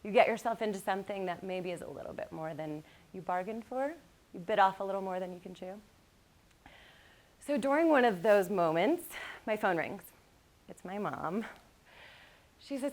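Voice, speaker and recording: A woman giving a live motivational talk, telling lively personal stories with frequent laughs and speaking directly to the audience. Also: mid-range voice, normal speed, pauses often. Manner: animated storytelling, laughs often, addresses the crowd.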